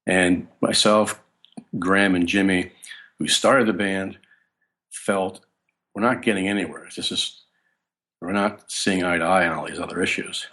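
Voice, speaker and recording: A man, a guest bassist, telling stories in a casual interview in a rambling, anecdotal way, often breaking off and restarting. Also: fairly even intonation, measured pace, pauses often, bright, forceful tone.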